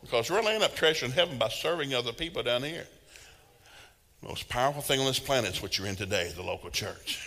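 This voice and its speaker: A man's voice: mid-range voice, lively intonation, fast, bright, forceful tone, big-room sound. A man preaching a sermon in a folksy, humorous storytelling way, laughing along with his own stories.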